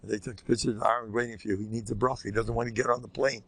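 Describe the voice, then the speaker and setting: An older man, a rabbi, giving an informal, animated Torah lecture with a conversational, joking delivery. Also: rapid-fire, slightly rough, dry recording. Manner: animated and conversational, swinging pitch, jokes with listeners. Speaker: rabbi teaching a class.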